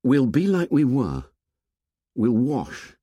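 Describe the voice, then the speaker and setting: A man voicing a stubborn young boy leader who insists loudly and defends himself. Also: medium pitch, huge pitch swings, takes it slowly, breathy edge, no room sound, pitched above the performer's own voice, exaggerated voice. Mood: insistent.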